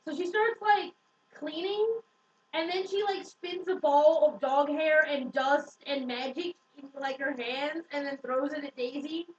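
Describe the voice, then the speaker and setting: A woman's voice: high-pitched, fairly even intonation, unhurried, slight background noise. A young woman casually recapping a book, swearing freely, saying "like" constantly and acting out the quotes. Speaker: book reviewer. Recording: dull, echoey room from a distant mic.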